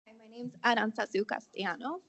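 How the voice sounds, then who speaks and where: A woman's voice: on the high side, quick pace, a bit bright, low-quality recording. A woman in her twenties, a teacher, giving an emotional public comment at a school board meeting, her voice catching as she speaks. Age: 20s. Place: meeting hall.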